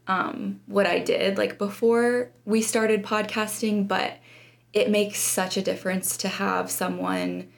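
A woman's voice: mid-range voice, creaky. A young woman in her twenties, a student podcaster, chatting in a casual interview with many likes. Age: 20s.

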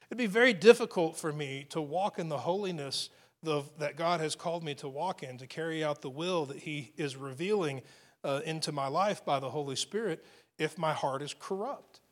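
Earnest man preaching, slightly high voice. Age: adult with family. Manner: earnest, emphatic, with frequent restarts and repeated words. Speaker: pastor. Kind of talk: sermon.

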